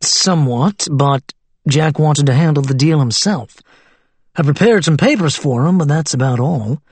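An obliging young junior partner in an audiobook, voiced by a man, easygoing and matter-of-fact. The voice sits a touch high and husky, with a dry, close sound. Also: normal speed, a little mellow, no room sound.

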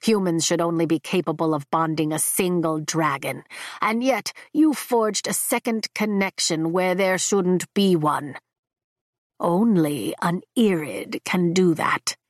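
Woman voicing a stern, deep male dragon. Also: no room sound, studio quality, close to an everyday voice. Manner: measured, authoritative.

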